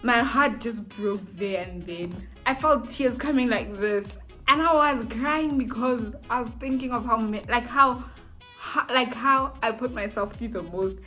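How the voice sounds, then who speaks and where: A young South African woman telling a storytime vlog in an animated, chatty, self-mocking way. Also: on the high side, unhurried, faint music behind. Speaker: YouTuber.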